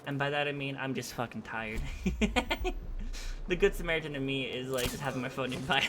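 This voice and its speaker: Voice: medium pitch, background noise. A game streamer chatting casually at home, rambling, laughing often and swearing offhand. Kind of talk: casual gameplay commentary. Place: home room.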